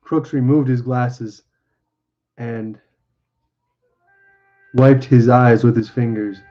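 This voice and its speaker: A man narrating a novel aloud on a stream in a steady, lowered voice. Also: slow, pauses often, soft background music. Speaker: reader. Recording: dull lo-fi.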